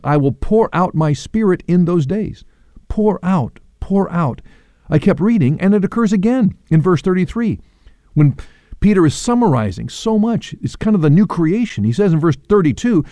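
A man's voice: a little high, warm tone, dry recording. A man hosting a radio Bible teaching program, talking in an earnest, reflective way and leaning on key words.

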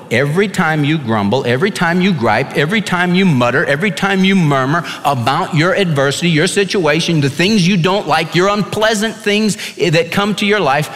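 A man preaching a radio sermon as a pastor, animated, swinging his pitch and pace and acting out whiny kids. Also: big-room sound.

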